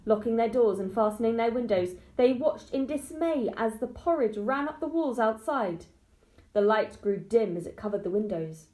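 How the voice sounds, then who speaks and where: A woman, an early-years teacher, reading a storybook aloud to young children slowly and expressively. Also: on the high side. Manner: slow, expressive and clear.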